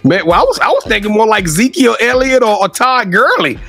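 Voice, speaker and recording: Hype interview host, male, high voice, slangy and repetitive, faint music bed. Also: fairly quick, gravelly. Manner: energetic, slangy, repeats words while thinking.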